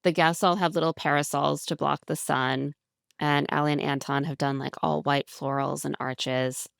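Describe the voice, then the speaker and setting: A woman's voice: low-pitched, normal speed, vocal fry, smooth, dry recording, studio quality. A woman co-hosting a podcast, chatting casually and animatedly as she recaps a reality show, often acting out what people said. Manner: chatty, animated retelling with quoted voices and laughs. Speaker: podcast co-host.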